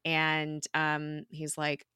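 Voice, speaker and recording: A woman's voice: low voice, completely flat delivery, very slow, bright, forceful tone, clean tone, dry recording, studio quality. A young adult woman co-hosting a podcast, chatting casually, laughing often and retelling scenes with quoted lines. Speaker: podcast co-host. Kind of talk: casual podcast recap chat.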